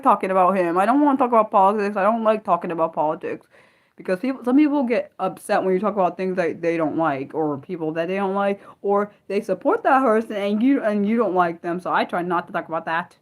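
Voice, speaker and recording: A woman hosting a casual unscripted livestream, rambling excitably with lots of quick questions and restarts. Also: medium pitch. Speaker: livestream host.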